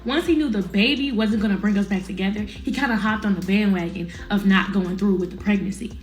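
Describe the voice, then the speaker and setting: A woman's voice: mid-range voice, a little fast, faint music behind. A young woman telling a personal story in casual, slangy talk, speaking straight to her viewers. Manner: candid, slangy, addresses viewers directly.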